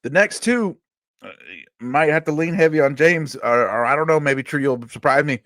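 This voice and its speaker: A man hosting a casual chat, excitable and profane, laughing often. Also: a little high, normal speed, no echo. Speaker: podcast host.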